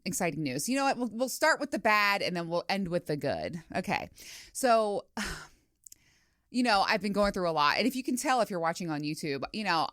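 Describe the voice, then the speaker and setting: Middle-aged woman podcast host, low-ish voice, dry close sound, chatty storyteller who swears and acts out asides. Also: a bit bright, dry recording. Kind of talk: casual solo podcast chat. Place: home studio.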